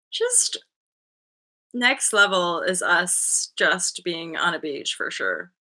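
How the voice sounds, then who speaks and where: A woman's voice: lowish voice, animated, takes it slowly, long pauses, bright, forceful tone. A woman in her thirties hosting a casual live-stream chat, bubbly and laughing often, swearing freely and acting out voices as she tells stories. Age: 30s. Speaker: host.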